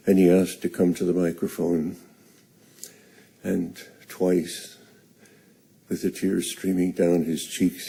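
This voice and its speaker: An older man slowly telling a personal story on stage, halting and earnest. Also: deep voice, vocal fry, mellow, husky.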